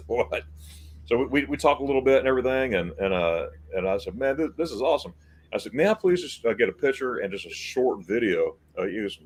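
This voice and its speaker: A man's voice: on the low side, fast. A man hosting a livestream chat, telling a story in a loose, rambling way, often repeating words and acting out what people said. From United States. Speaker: host.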